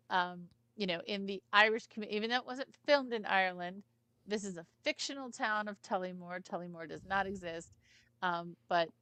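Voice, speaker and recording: A woman's voice: lowish voice, sharp tone, no room sound. A woman co-hosting a casual film review chat, rambling with lots of "you know" asides. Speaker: film review podcast co-host.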